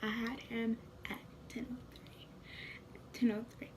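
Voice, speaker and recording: Young woman, 19, vlogger; high-pitched, unhurried, soft and whispery, faint background noise. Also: little pitch movement. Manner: soft, tearful, often breathy and whispery. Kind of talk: emotional personal vlog.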